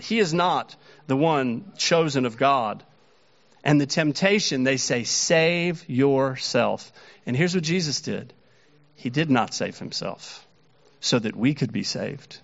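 A man's voice: mid-range voice, fairly bright tone, dull audio. A man preaching a sermon earnestly, his voice rising when he quotes the mockers. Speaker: pastor.

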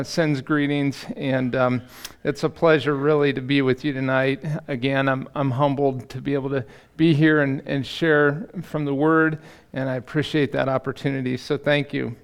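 A middle-aged man preaching as a pastor in a church, halting and self-deprecating, with many fillers and restarts. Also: fairly high pitch, fairly even intonation, clean tone. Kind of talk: sermon. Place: church sanctuary.

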